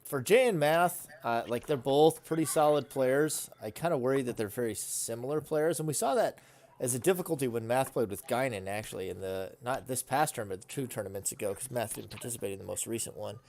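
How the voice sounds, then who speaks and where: Man giving measured gaming analysis. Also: mid-range voice, gravelly, a little mellow, slight background noise. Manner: measured, weighs both sides with hedged opinions. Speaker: co-commentator. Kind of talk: casual analytical gaming chat.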